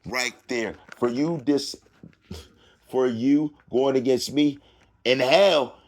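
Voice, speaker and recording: A man reading scripture aloud and breaking off into loud preaching and taunting, drawling slowly through the verses. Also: mid-range voice, lively intonation. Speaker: self-styled preacher.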